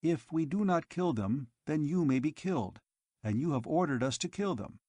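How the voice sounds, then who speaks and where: A man voicing a patrol robot caught in a logic loop, repeating its reasoning loudly over and over in a storybook reading. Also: fairly high pitch, expressive, moderate pace, dry recording, voice pushed up. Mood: frantic looping. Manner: loud, repetitive looping reasoning.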